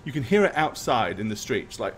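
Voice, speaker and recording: Male game master, relaxed narration, mid-pitched, faint background hiss. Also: a little fast. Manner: relaxed, laughing often, thanks stream followers.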